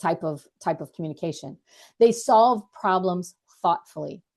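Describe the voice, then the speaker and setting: A woman's voice: lowish voice, normal speed, darkish tone. A woman hosting a leadership podcast, giving earnest, direct career advice in a casual coaching monologue and often repeating words as she thinks.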